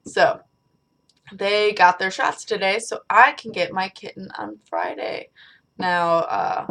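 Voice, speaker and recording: A woman's voice: medium pitch, very animated, takes it slowly, fairly bright tone. A young adult woman chatting casually to her webcam from a small bedroom, rambling and swearing lightly. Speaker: vlogger. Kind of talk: casual chat to camera.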